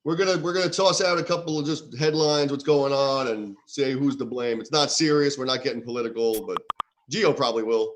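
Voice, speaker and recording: Quick, easygoing male co-host, mid-pitched, ribbing his guests. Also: steady tone. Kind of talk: casual podcast chat.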